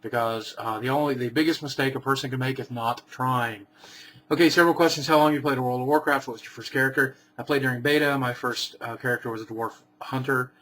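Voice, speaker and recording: A man's voice: medium pitch, fairly even intonation, fast, pushed and bright. A man in a casual vlog, reading viewer questions aloud and answering each one dryly and briefly.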